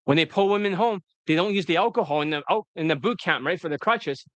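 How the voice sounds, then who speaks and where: A man's voice: sits high, fast talker, a bit bright, dry recording. A man working as a dating coach, giving a blunt, profane, rambling video lecture off the cuff.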